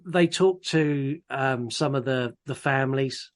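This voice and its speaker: A man from England co-hosting a casual podcast, talking dryly with halting restarts. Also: medium pitch. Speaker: podcast co-host. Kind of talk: casual chat.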